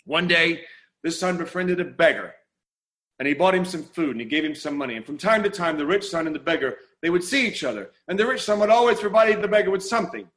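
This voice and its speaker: A man's voice: a little high, lively intonation, quick pace, a bit bright. A man preaching a sermon, telling a parable and then praying, with earnest, dramatic pacing and emphatic repetition. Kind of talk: sermon storytelling.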